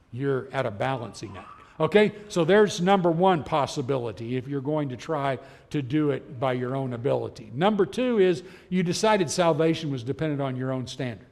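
A middle-aged man teaching a Bible class, telling stories in an animated way and acting out the voices he quotes. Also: mid-range voice, normal speed, vocal fry. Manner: chuckles as he talks. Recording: long hall reverb.

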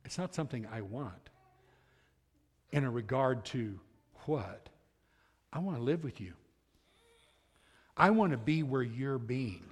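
A man preaching a sermon as pastor, swinging between loud emphatic lines and hushed asides. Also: mid-range voice, expressive, measured pace, long pauses, breathy edge. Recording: long hall reverb.

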